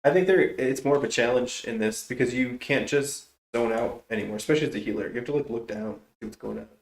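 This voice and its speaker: A young man streams a game and chats casually with teammates, joking, laughing often, and reacting quickly. His voice is mid-range and gravelly, and the audio is reverberant.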